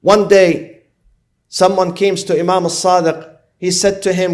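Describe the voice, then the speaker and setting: A man with a slightly higher-than-average voice delivers a sermon. He speaks emphatically, building his points through repeated phrases and long lists. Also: level tone, measured pace, a little mellow. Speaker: religious lecturer.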